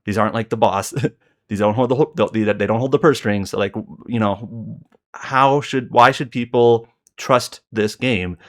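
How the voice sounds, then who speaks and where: A man's voice: on the low side, a little slow. Rambling man recounting on a podcast. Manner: rambling, heavy on fillers and self-corrections. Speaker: podcast co-host. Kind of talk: casual podcast chat.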